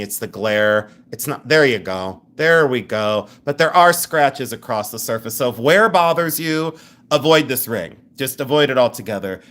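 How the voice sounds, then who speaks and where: A man hosting a live jewelry sale, chatting, teasing and laughing as he shows rings. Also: mid-range voice. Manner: animated, giggly, teasing. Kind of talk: live-stream sales chat.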